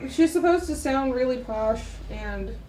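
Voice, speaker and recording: A woman's voice: high-pitched, lively intonation, unhurried, dark tone, roomy sound, far from the mic, slight background noise, low-quality recording. A woman co-hosting a casual livestream chat, mock-indignant and laughing. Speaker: co-host, comic author.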